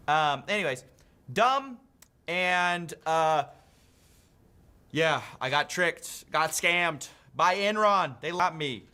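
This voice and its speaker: A man's voice: on the high side, animated, slow, sharp tone. A man giving mocking, incredulous commentary on an online controversy.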